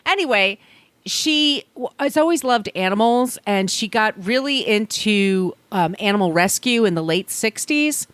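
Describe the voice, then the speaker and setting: A woman co-hosting a podcast, telling stories in a mid-pitched voice, chatty and quick to laugh, with plenty of ums. The sound is dry and close to the mic. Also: lively intonation, fairly bright tone, dry recording. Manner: chatty storytelling, laughs often, filler-laden. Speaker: podcast co-host. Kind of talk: casual chat.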